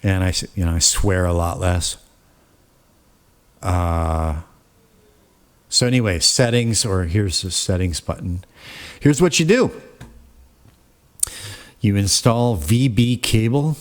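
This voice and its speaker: A man hosting a casual software tutorial, rambling through the steps with frequent fillers and self-corrections, recorded at his home computer setup. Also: sits low, slow pace, long pauses. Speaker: tutorial host.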